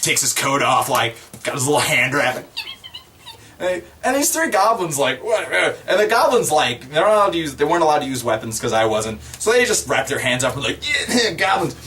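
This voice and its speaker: There's a little hiss or hum behind this man's brisk, mid-range voice as he relates what happened in a tabletop game session. He wanders off on tangents, laughs softly, and keeps the retelling lively.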